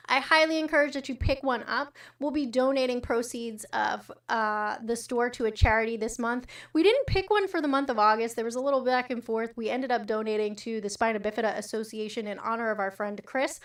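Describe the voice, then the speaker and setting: A fairly high-voiced woman hosting a casual livestream, talking straight to her chat. She is blunt and sarcastic and swears freely, and her voice sits a little back from the mic. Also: fairly bright tone, recorded from a distance. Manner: blunt, profane, sarcastic asides. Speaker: livestream host. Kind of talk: casual livestream chat reading comments and news.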